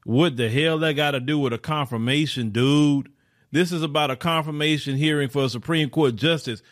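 A man talking in a blunt, incredulous way as he comments on a clip he keeps pausing. His voice sits a little high for a man. The sound is dry and close, with almost no room around it. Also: dry recording. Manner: blunt, incredulous, repeats questions. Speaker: commentary host reacting to a clip. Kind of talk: casual reaction commentary.

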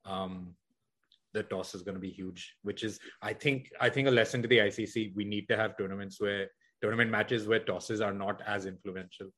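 On a podcast, a male co-host talks cricket casually, rambling along with frequent restarts and hedges. His pitch is fairly low and his tone a bit bright, with fairly even intonation and a moderate pace.

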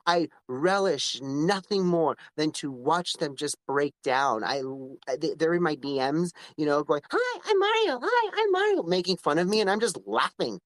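A man's voice: a little high, moderate pace, few pauses, dry recording. A man speaking as an interview guest, emphatic and repetitive, often restarting his sentences. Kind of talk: conversational interview.

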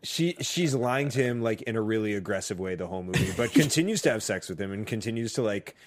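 A man's voice: lowish voice, expressive, fast talker, no room sound. A man co-hosting a casual movie-review podcast, adding dry, sarcastic asides. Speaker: podcast co-host.

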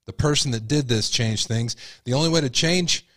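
A man's voice: mid-range voice, moderate pace, a bit bright, no echo. A man hosting a casual commentary show, blunt and opinionated. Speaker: commentary host.

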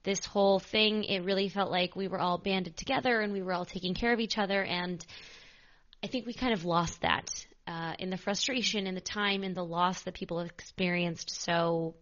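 A woman's voice: lowish voice, fairly even intonation, moderate pace, a bit bright. A young woman hosting a podcast, talking in an upbeat, chatty, self-joking way. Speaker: podcast host. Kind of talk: casual podcast chat. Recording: slightly dull lo-fi sound.

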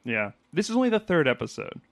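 A man co-hosting a casual chat podcast, chatty and quick to laugh, acting out lines as he talks. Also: fairly high pitch, very animated, creaky, no echo. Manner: chatty, laughs often, acts out quotes. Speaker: podcast co-host.

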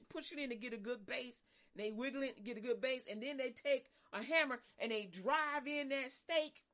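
A woman preaching a sermon, animated and dramatic, acting out voices and swinging between loud and soft. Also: a little high.

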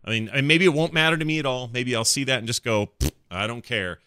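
A man's voice: mid-range voice, fast talker, bright, forceful tone, clear, resonant tone, no room sound, clean studio sound. A man hosting a casual gaming podcast, chatting enthusiastically and joking as he rambles through the news. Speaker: podcast host.

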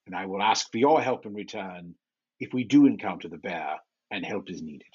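A man speaking calmly and steadily in character during a tabletop game. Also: sits low, normal speed, husky, lo-fi sound. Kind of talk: in-character role-play.

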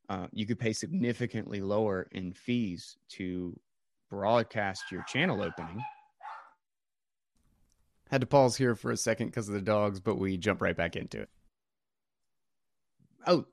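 A man's voice: fairly low pitch, no room sound. A man hosting a casual podcast chat, rambling with many fillers and restarts.

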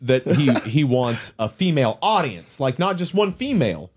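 A man's voice: mid-range voice, sing-song, normal speed, a little mellow, slightly rough. A young man co-hosting a podcast, chatting casually and making dry jokes. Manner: wry, reads posts aloud with dry jokes. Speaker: podcast co-host. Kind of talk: casual chat.

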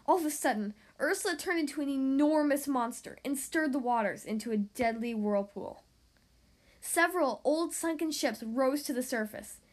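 A woman narrating a children's storybook aloud, steady with small stumbles. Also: sits high, moderate pace. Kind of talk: storybook reading.

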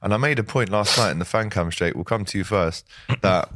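A young man hosting a casual football chat, chatty and quick with asides and laughs. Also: on the low side, background noise. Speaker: host.

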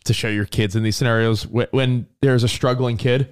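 A man's voice: medium pitch, fairly even intonation, normal speed, smooth. A male radio co-host speaking in casual studio talk. He is agreeable and chimes in with short replies that back up the others.

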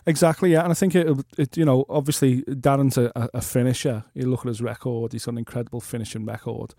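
A man's voice: medium pitch, steady tone, fast talker, dark tone, no room sound, studio quality. Enthusiastic man talking fights. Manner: enthusiastic, emphatic. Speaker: podcast co-host. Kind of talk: casual MMA podcast chat.

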